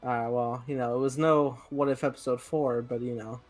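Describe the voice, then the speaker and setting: A man's voice: medium pitch, steady tone, brisk, darkish tone, faint music behind. A man hosting a podcast in casual chat, laid-back and jokey, swearing freely. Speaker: podcast host.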